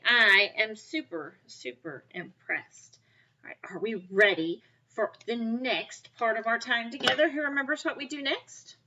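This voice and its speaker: A woman's voice: a little high, muffled recording, noisy background. A woman teaching a recorded kindergarten math lesson, upbeat and encouraging, coaxing children to count along with her.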